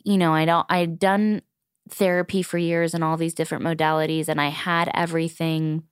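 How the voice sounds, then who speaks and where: Smooth-voiced woman hosting a podcast. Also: low-pitched, normal speed, no room sound, clean studio sound. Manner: earnest, open, animated when retelling talks. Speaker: podcast host. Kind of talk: candid conversational interview.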